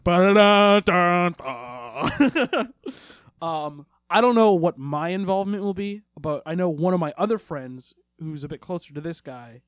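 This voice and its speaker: A young man from Maryland with a fairly high voice, co-hosting a loose, profane podcast chat. He laughs a lot and jumps between stories. The sound is dry, with no room echo. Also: normal speed, few pauses, a little mellow. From Maryland, USA. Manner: laughs often, profane, joking. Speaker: podcast co-host. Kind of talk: casual chat.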